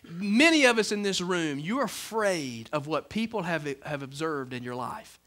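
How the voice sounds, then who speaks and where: Man, church pastor mid-sermon, high and bright voice, emphatic, swings loud to hushed. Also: expressive, moderate pace. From Alabama, USA. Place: church sanctuary with a congregation.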